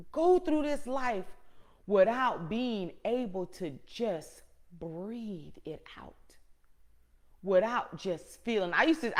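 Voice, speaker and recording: A middle-aged woman hosting a show, giving an impassioned, preacher-like motivational talk that repeats phrases for emphasis and swings between hushed and loud moments. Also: mid-range voice. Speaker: show host.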